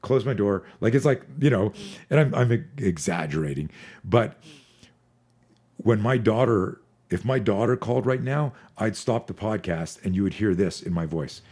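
A man in his forties, a fear management expert on a podcast, talking in an energetic, profane, storytelling way. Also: lowish voice, normal speed, breathy edge. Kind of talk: podcast conversation.

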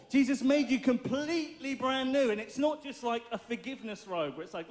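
A man preaching an informal, lively sermon in a playful, joking way, laughing often. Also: very high-pitched, brisk, few pauses.

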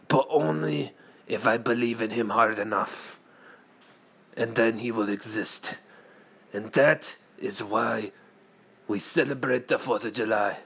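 A man talks slowly and deadpan, with a gravelly rasp. He strings together rambling, absurd rhetorical questions in a comic monologue. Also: medium pitch. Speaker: comedian.

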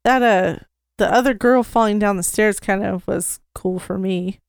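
A woman's voice: medium pitch, normal speed, creaky, clear, resonant tone, no echo, studio quality. A woman co-hosting a casual movie review podcast, laughing often and chiming in with short replies. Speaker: podcast co-host.

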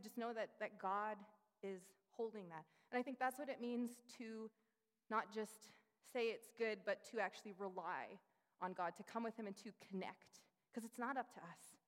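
A woman in her thirties preaching a sermon, telling personal family stories and acting out the voices of the people in them. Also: mid-range voice. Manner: animated storytelling, acting out quoted voices. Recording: long hall reverb.

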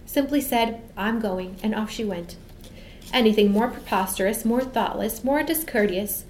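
A woman's voice: medium pitch, normal speed, darkish tone, roomy sound, a little hiss or hum, natural voice, rough recording. A cross, indignant mother, as a woman reads her. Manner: scolding and exasperated.

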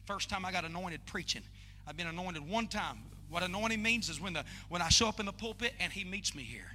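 A man preaching a sermon in a church sanctuary, moving from hushed storytelling to shouted pleading. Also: sits high, animated, fairly quick, big-room sound, a little hiss or hum. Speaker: pastor.

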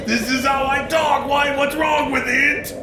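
A man putting on a brash, shouting voice for the ghost of an old male poet who taunts and challenges a friend to fight. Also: very high voice, fairly even intonation, a little slow, echoey room, distant mic, noisy background, voice pushed up. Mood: belligerent. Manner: shouting, taunting, breathless bluster.

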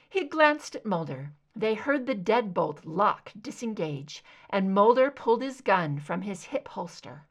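Expressive woman reading a story aloud. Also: mid-range voice. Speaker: audiobook reader. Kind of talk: reading fan fiction aloud.

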